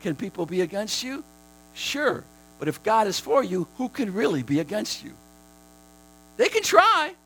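A man preaching a sermon, repeating phrases for emphasis and swinging between a hushed, prayerful murmur and high, shouted declarations. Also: animated, brisk, few pauses, slightly rough, low-quality recording.

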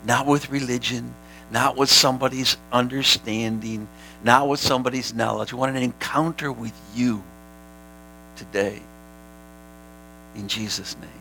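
A man preaches a sermon to his church, animated, sometimes rising to a shout and laughing along with the congregation. His voice is forceful and gravelly, with a faint hum behind it. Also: medium pitch, measured pace, long pauses, low-quality recording. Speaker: pastor.

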